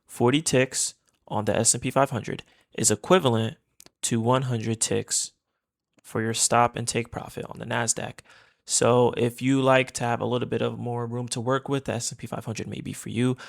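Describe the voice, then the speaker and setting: A man's voice: mid-range voice, gravelly. A man teaching as a trading instructor in a casual screen-share tutorial, chatty and repeating his points while calling his viewers guys.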